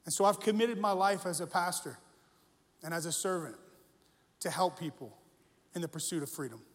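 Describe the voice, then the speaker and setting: A man's voice: high voice, a bit bright. A man in his forties, a pastor, preaching a story-driven sermon with self-deprecating humor and earnest feeling. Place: church sanctuary. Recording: echoey church hall.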